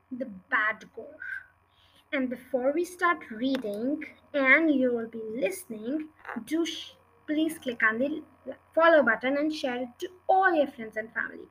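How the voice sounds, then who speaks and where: A woman reading a children's book chapter aloud in an earnest, steady way. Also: high-pitched, a little hiss or hum, low-quality recording. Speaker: storybook reader.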